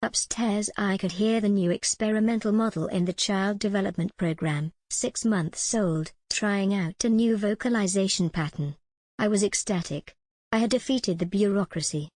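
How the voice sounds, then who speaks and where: A woman reading a first-person story aloud in a clear, measured way, as a scripted narration for language learners. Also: mid-range voice, a little mellow, no echo.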